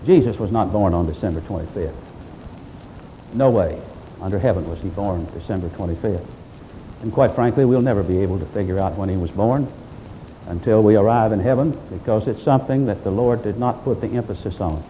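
Man, pastor, sermon, emphatic preaching, mellow tone, faint background noise. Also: fairly low pitch, a little fast, poor audio.

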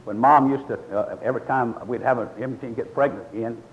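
A man's voice: medium pitch, fairly even intonation, fast talker, slight background noise. An older man preaching a sermon with a folksy, storytelling manner, moving between scripture readings and homespun asides. His voice sits in an ordinary middle register. The recording is slightly dull and lo-fi.

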